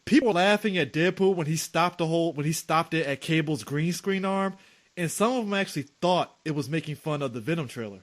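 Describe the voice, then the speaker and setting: Animated podcast guy, lively pitch. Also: fairly quick. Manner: animated, swearing, quotes people in asides. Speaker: podcast co-host. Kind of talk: casual podcast chat.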